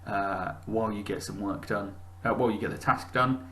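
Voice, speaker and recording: A man's voice: on the low side, normal speed, bright, forceful tone. Encouraging man teaching a class. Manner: patient, encouraging, many fillers and restarts. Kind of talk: recorded video lesson.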